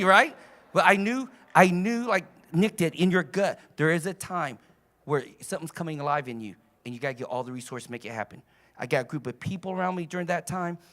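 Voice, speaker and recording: A man giving a motivational seminar as a coach, fiery and loud, shouting and swearing to rouse his audience. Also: fairly high pitch. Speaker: coach and trainer. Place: live seminar in front of an audience.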